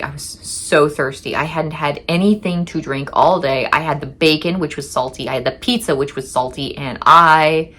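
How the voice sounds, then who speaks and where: A woman with a low, deep speaking voice tells a personal story, chatty and candid. She acts out her own past lines and curses now and then. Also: pushed and bright. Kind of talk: casual first-person storytelling.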